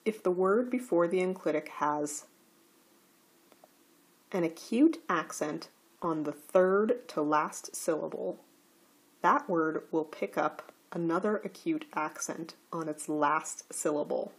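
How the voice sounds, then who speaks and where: A teacher walks through grammar rules in a recorded slide lecture. Her slightly husky, breathy voice sits a little low in pitch, and she talks slowly and carefully.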